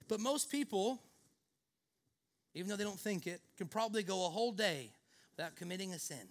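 A man's voice: high voice, a bit bright. A male pastor preaching a sermon in an earnest way, leaning often on the word "actually".

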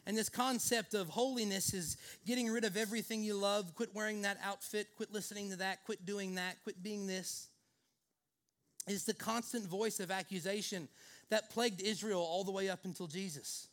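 A man's voice: high voice, fairly even intonation, normal speed, fairly bright tone. A male pastor preaching a sermon in an earnest way, leaning often on the word "actually".

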